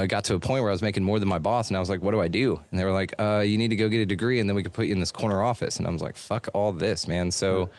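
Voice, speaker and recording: Recorded in a treated home studio with no room sound, a middle-aged podcast host is being interviewed and chats loosely about his life, swearing and using lots of fillers as he tells stories. His voice sits on the low side.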